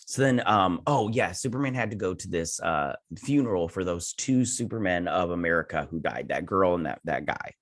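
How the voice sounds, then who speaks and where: A man's voice: sits low, expressive, moderate pace, hardly any pauses. A man giving a casual, rambling recap and review of a TV episode, with lots of false starts and fillers. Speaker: TV show reviewer.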